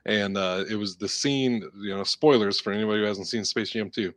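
Low-voiced man telling a story. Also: fairly quick, dry recording. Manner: rambling, storytelling with many fillers. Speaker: podcast co-host. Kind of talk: casual chat.

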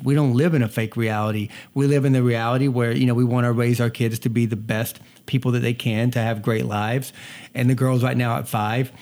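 A man's voice: medium pitch, a little mellow. A man with a mixed Southern US accent from North Georgia, chatting casually as a family vlogger and telling stories with a slight stutter. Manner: talkative storyteller, repeats words, slight stutter. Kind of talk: casual chat.

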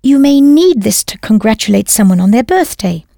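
A woman's voice: fairly high pitch, lively intonation, moderate pace, vocal fry, few pauses, mellow, no echo, clean studio sound. A woman narrating a scripted audio language lesson, patiently prompting the learner and then confirming each answer. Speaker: language teacher.

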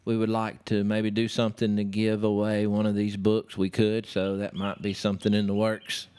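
Twangy man with a low voice. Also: monotone, normal speed, darkish tone, clear, resonant tone. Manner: self-deprecating, twangy. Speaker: podcast co-host. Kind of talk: casual chat.

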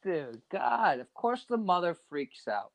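A man's voice: high-pitched, big pitch swings, measured pace, gravelly, heavy background noise. A man chatting casually, cracking crude jokes and calling people dude. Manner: wisecracking, calls people dude. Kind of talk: casual chat.

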